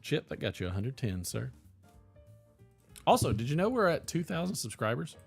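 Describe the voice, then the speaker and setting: Man, casual live-stream co-host, animated and jokey delivery, faint music underneath. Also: mid-range voice, moderate pace, creaky, breathy edge. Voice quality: lively, joking, with sudden put-on voices. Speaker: podcast co-host.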